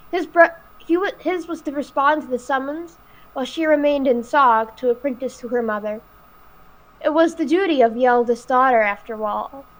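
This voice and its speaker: A woman's voice: on the high side, poor audio. A woman hosting a live read-aloud of a novel, reading carefully with small slips. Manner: careful, slightly halting reading.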